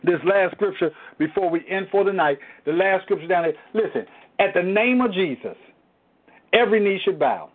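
Male Bible study teacher: high-pitched, emphatic preaching full of rhetorical questions, tinny phone-like audio. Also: animated, moderate pace.

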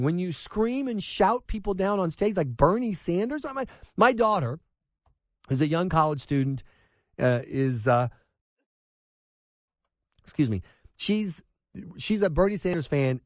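A middle-aged man holds forth on talk radio, his pitch riding up and down with every emphatic point. His voice sits a little high for a man, and the studio sound is close and dry, with no room in it. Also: dry recording. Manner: animated, emphatic, sarcastic asides. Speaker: radio talk show host. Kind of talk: opinionated talk radio monologue.

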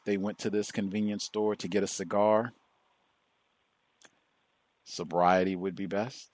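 A man hosting a call-in radio show who speaks in a measured, emphatic way and slows down to stress key words. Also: lowish voice, a little mellow, no echo.

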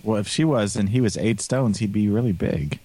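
A man's voice: lowish voice, a little fast, dark tone. A man hosting a podcast in casual chat, rambling with many restarts and laughs. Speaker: podcast host.

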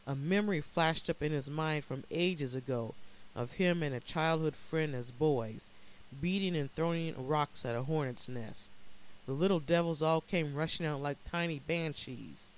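Higher-voiced man narrating a dark story. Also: poor audio. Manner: dramatic, measured storytelling.

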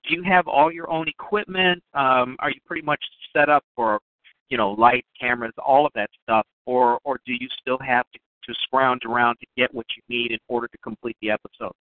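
Male radio host with hiccups, mid-pitched, halting questions over a thin phone line. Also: steady tone, no room sound. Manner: meandering, hesitant questions full of fillers. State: has the hiccups. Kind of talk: casual interview questions. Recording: dry, tinny phone line.

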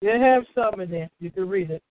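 A man's voice: high voice, brisk, phone-quality sound. A man hosting a casual online community call in a laid-back way, often adding "you know". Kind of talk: casual group chat.

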